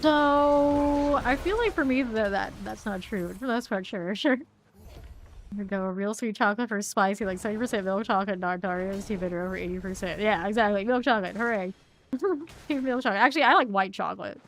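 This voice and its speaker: Woman, young adult, game streamer, casual chat, medium pitch, quick laughs, rambling asides. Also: slight background noise. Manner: chatty, answers chat, laughs easily, trails off mid-thought. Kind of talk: casual live-stream chat while playing.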